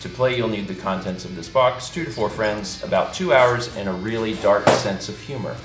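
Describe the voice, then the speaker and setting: Low-voiced easygoing man reading game rules. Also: moderate pace, reverberant, music in the background. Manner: easygoing, explains patiently. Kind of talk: casual chat and reading rules aloud.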